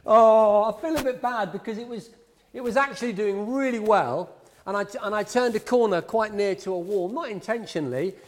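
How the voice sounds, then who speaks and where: Brief: male co-host, chatty and excitable, slightly higher-pitched everyday voice. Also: brisk, slight background noise. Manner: chatty, excitable, self-deprecating. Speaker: tech show co-host testing a drone. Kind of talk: casual chat.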